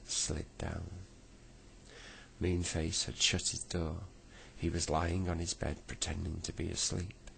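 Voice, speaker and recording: Deep gravelly bedtime storyteller man. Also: a bit bright, slight background noise. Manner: slow, unhurried reading with small slips.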